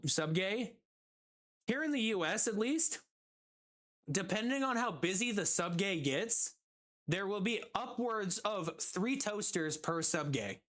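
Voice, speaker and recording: A streamer telling a work story casually, quick and animated, acting out the quotes. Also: mid-range voice.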